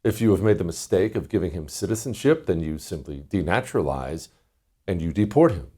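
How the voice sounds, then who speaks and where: A man's voice: sits low, animated, brisk, warm tone, breathy edge. A middle-aged man hosting a talk show, delivering a combative, sarcastic monologue. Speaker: host.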